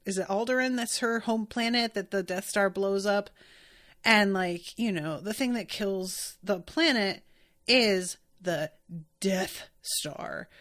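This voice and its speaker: A podcast host with a medium-pitched, slightly bright voice chats casually about an anime. She rambles, using lots of fillers and restarts.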